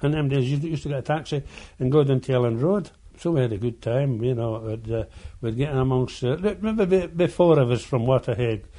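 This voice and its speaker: An older man, a former coal miner, reminiscing in an oral history interview, halting and often repeating words as he tells his stories. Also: mid-range voice, dark tone.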